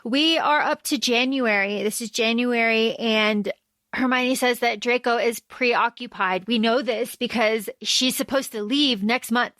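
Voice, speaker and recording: A woman co-hosting a casual fan podcast, talking fast and acting out quoted lines in shifting voices. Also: no echo. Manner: animated, acts out quoted lines in lower or higher voices. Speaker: podcast co-host.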